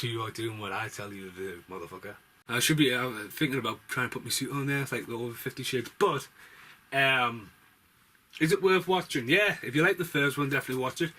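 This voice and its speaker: A man's voice: medium pitch, pushed and bright, husky. A man reviewing movies in casual, rambling chat, swearing freely as he goes.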